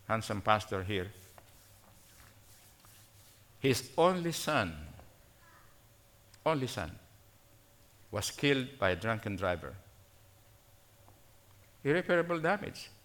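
A man's voice: mid-range voice, sharp tone. A man preaching a sermon, repeating phrases for emphasis and checking in with "okay?".

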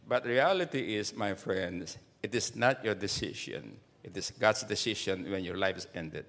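Animated older man preaching. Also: mid-range voice, normal speed, hardly any pauses. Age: 70s. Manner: emphatic preaching with rising and falling intensity, rhetorical questions. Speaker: pastor. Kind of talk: sermon.

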